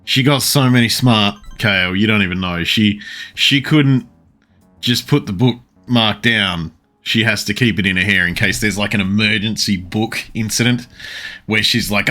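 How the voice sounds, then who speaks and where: A man's voice: fairly low pitch, moderate pace, pushed and bright, faint music behind. A man streaming a game, rambling and joking crudely in casual commentary.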